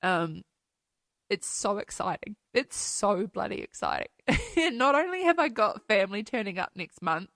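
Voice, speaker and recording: A woman's voice: mid-range voice, big pitch swings, normal speed, a bit bright, dry recording, clean studio sound. A woman hosting a casual solo podcast, talking candidly and emotionally, laughing often and swearing casually. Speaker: podcast host. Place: New Zealand home.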